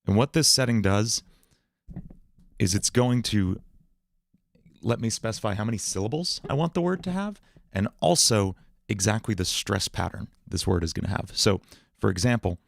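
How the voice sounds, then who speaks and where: A man's voice: lowish voice, gravelly, no room sound, clean studio sound. A man hosting a casual livestream, thinking aloud as he tries out words for a song. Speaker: livestream host writing songs.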